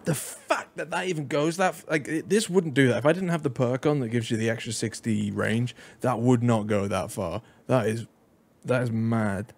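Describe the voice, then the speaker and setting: A man giving excitable gameplay commentary, joking and exclaiming as he plays. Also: mid-range voice, normal speed, creaky, noisy background. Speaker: gaming YouTuber.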